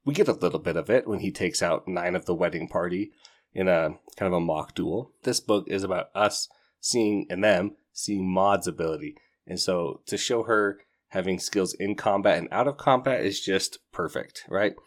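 Low-voiced man chatting about a book. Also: normal speed. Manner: enthusiastic, rambling, retells scenes with laughing asides. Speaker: book podcast host. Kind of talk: casual book review chat.

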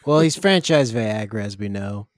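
A man co-hosting a comedy podcast with a wry, deadpan delivery. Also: lowish voice, moderate pace, no room sound, studio quality. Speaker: podcast co-host. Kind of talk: casual comedy chat.

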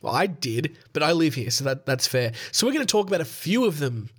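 Hoarse, sick Australian man hosting. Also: on the high side, very animated, brisk, fairly bright tone. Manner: joking, rambling, swears freely. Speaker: podcast host. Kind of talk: casual comedic podcast monologue.

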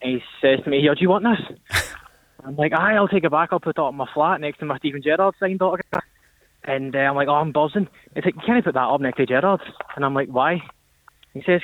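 A man's voice: a little high, fast, no echo. A young caller on a tinny phone line, telling a story with lots of energy. He acts out the voices of the people in it, and the sound is thin and dry. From Northern Ireland.

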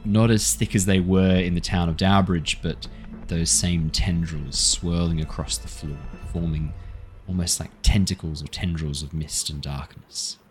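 A deep-voiced man runs a tabletop game, painting each scene in unhurried detail. He narrates the action for his players, and faint music sits low in the background. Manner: descriptive, scene-setting narration with playful asides. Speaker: game master.

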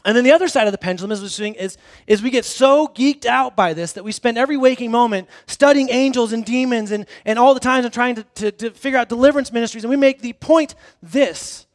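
A man with a high voice preaches to his congregation in a loose, conversational way, circling back on his words and restarting sentences. He leans on wry, self-deprecating humor as he tells stories. The sound is close and dry, with almost no room echo. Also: fast, few pauses. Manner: casual storytelling with frequent restarts. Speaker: pastor. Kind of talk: conversational sermon. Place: church hall before a congregation.

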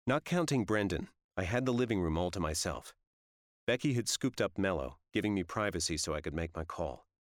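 A man with a very deep voice narrates a first-person audiobook in a low-key, measured manner. The recording is dry and close, with no room sound. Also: animated, no echo.

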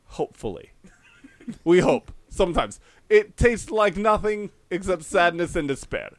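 A man's voice: sits high, measured pace, no echo. A man putting on a Russian accent for a boastful character who talks in broken English. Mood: deadpan boasting. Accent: put-on Russian. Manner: deadpan, broken grammar.

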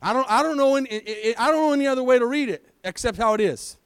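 A man delivers a sermon in a church, his voice sitting high for a man. He presses his congregation with questions and calls for an answering amen. The sound is dry and close, with little room around it. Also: fast talker, few pauses, smooth, no echo. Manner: preaching with rhetorical questions and call-and-response. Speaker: pastor. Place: church sanctuary.

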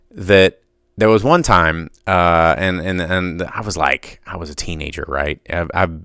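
A man hosting a solo podcast, rambling and passionate, often drifting off on tangents. His low voice is bright and crisp, swinging widely in pitch, recorded close and dry with no room sound. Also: no echo. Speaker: podcast host.

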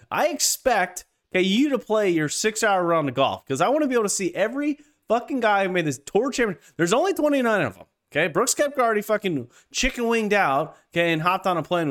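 Male podcast co-host, casual and profane, lively high-ish delivery. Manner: profane, animated storytelling. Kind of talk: casual chat.

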